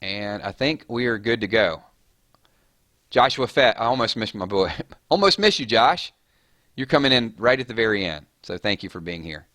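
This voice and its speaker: A man's voice: on the low side, pushed and bright, no echo, studio quality. A man hosting a casual live stream, rattling off chat names and thanking viewers. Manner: rapid-fire, chatty, reading names off chat.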